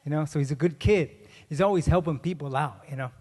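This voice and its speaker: A man with a fairly high-pitched, darkish voice speaks at a quick pace while performing on stage. He tells a comic story, keeps things laid-back and joking, and fires up the crowd with call-and-response. The setting is a large conference hall that gives the recording a reverberant sound.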